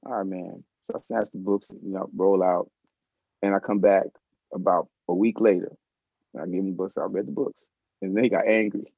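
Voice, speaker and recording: A middle-aged man in a casual interview, telling an anecdote in an animated way and acting out the voices of people in it. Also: sits low, normal speed, creaky, no echo. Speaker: interview guest. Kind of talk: casual storytelling. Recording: slightly muffled dry recording.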